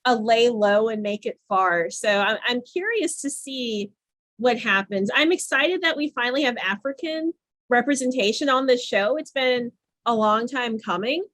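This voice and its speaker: A woman's voice: a little high, animated, normal speed, a bit bright, dry recording. A woman co-hosting a podcast, gushing in casual chat about a reality show, full of "like" fillers. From United States. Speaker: podcast co-host.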